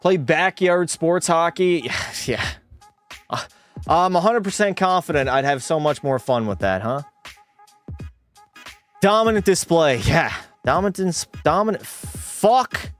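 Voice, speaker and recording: A man's voice: on the high side, lively intonation, unhurried, long pauses, soft background music. A young man streaming a hockey video game, commenting live and talking to his chat while ranting in frustration and swearing at the game. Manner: talks to chat.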